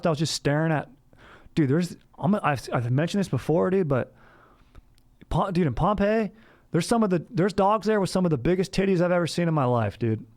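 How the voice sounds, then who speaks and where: A man's voice: medium pitch, a little mellow. A young man hosting a comedy podcast, rambling in surfer-bro slang that is full of "dude" and restarts. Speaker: podcast host. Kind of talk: comedic bro-character monologue.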